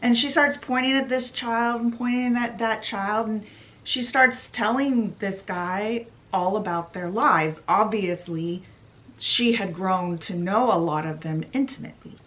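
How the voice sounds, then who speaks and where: A woman's voice: medium pitch, a little slow, fairly bright tone. Chatty woman recapping a book. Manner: chatty, with fillers and asides. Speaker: book vlogger.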